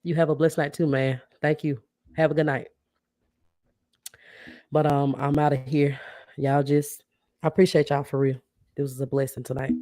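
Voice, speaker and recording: A woman podcast host chatting casually with livestream viewers, warmly thanking them and reacting to their comments. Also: low voice, level tone, moderate pace, pauses often, no echo, clean studio sound. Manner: chatty, keeps addressing viewers as y'all; warm and grateful, reacts to comments.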